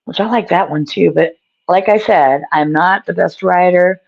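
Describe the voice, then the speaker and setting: A man's voice: high-pitched, normal speed, creaky, dry recording. A man chatting as a guest on a video call, rambling and self-deprecating, often trailing off mid-thought. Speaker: guest author. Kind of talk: casual video call chat. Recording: dull lo-fi call audio.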